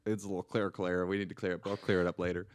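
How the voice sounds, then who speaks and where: A man's voice: low-pitched, flat delivery, rapid-fire, no room sound. A young man co-hosting a comedy podcast, telling stories in a joking, self-deprecating way. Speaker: podcast co-host. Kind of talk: casual comedy podcast chat.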